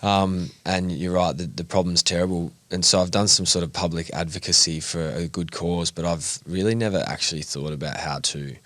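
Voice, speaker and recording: A man's voice: low-pitched, steady tone, moderate pace, hardly any pauses, a bit bright, no room sound. A young Australian man co-hosting a podcast, talking in a reflective, searching way. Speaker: podcast co-host. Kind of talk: casual podcast conversation.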